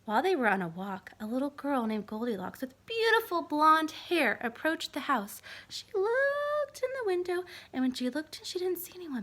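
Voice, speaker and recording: Animated woman telling a children's story. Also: high voice, normal speed, hardly any pauses. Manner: animated, dips into whispers. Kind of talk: reading a children's story aloud.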